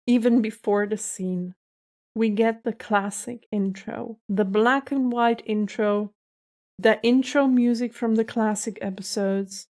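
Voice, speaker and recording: A woman hosting her own reaction review, talking with gushing emotion, close to tears and laughing between words. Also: mid-range voice. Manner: gushing, emotional, laughs often, slow and effusive. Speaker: reaction video host.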